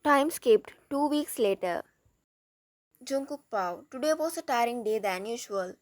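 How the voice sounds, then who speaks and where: A woman reading a fan fiction romance story aloud in a steady, plain narrating manner. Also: on the high side, measured pace, no echo.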